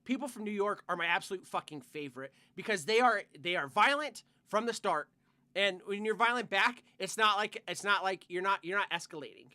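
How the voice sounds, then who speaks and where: A man's voice: high voice, animated, brisk, bright, forceful tone. A young man co-hosting a podcast, telling a rambling work story full of "like" and swearing in casual chat. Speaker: podcast co-host.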